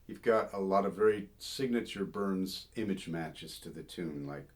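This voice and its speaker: A very low-pitched man talks through the history of an old song in a relaxed, digressive way. He muses aloud, pauses on details, and now and then breaks into a sung phrase to make his point. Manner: thoughtful, digressive, sings short phrases to illustrate. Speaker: folk singer and song scholar. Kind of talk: informal spoken commentary on a song.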